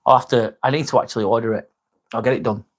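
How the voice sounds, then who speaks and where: A man hosts a relaxed live stream, reading out viewer comments one after another and answering each one. His talk is loose and jokey, with casual swearing, in a voice of ordinary middle pitch. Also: quick pace. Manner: reads viewer comments aloud and replies, joking and swearing freely.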